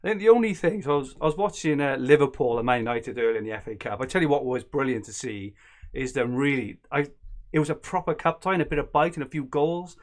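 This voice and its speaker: A man talks football and family life in loose, rambling podcast banter, often correcting himself mid-sentence. His voice sits at a middle pitch. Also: quick pace. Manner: rambling, self-correcting, joking. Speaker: podcast co-host. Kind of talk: casual banter.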